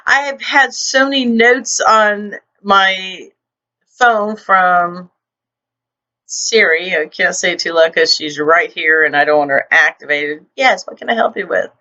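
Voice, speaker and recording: A woman's voice: a little high, sharp tone, highs cut off. A woman writer hosting her own vlog, ranting in a blunt, profane and indignant way into her computer microphone.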